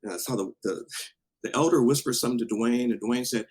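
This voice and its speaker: A man from Washington State, a podcast guest, telling an animated story in a casual way with laughs and swearing. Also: medium pitch, fast talker, husky, rough recording. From Washington State, USA.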